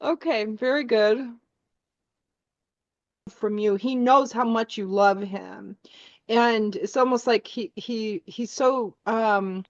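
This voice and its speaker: A woman working as a psychic medium, speaking gently and hesitantly with many restarts during a spiritual reading. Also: fairly high pitch, dry recording. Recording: dull lo-fi sound.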